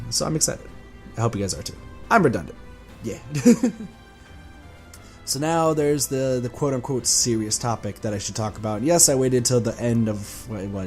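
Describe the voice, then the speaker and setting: Gaming YouTuber, male, hoarse sore throat, casual rambling update, faint music underneath. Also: mid-range voice, a little mellow. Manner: rambling, self-correcting, chuckling. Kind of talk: casual channel update vlog.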